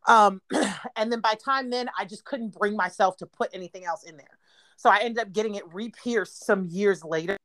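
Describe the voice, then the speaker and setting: A woman in her thirties with a mid-range voice, speaking at a moderate pace as a podcast co-host. She tells a story in casual chat, animated, swearing freely and laughing often.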